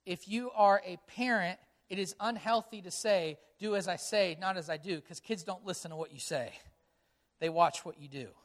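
A male pastor delivers a sermon in a high, bright, forward voice. He sounds earnest and conversational, drawing on stories from his own family. He drives his points home by repeating key phrases. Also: normal speed.

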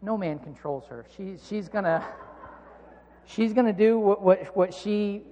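A man in his thirties preaches with earnest conviction, then pokes fun at himself in a personal story. His voice sits high for a man. It carries with a long reverb, as if across a large church hall. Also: unhurried, warm tone. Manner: earnest, self-mocking storytelling. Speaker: pastor.

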